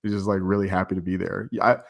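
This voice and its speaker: A man's voice: sits low, racing, vocal fry. A man in his thirties chatting casually as a podcast guest, telling stories with frequent laughs and fillers. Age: 30s. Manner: laughs often, animated storytelling with lots of "like". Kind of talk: casual chat.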